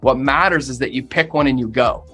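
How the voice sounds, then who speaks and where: Male podcast guest, mid-pitched, emphatic motivational speaker, faint music bed. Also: a little fast, pushed and bright. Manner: emphatic, punchy, repeats phrases for effect. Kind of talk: motivational interview talk.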